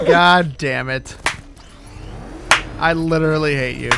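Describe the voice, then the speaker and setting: A man's voice: fairly high pitch, slow, creaky, background noise. A man co-hosting a gameplay video, laughing and reacting in an exasperated, casual way. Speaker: co-host. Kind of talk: casual chat.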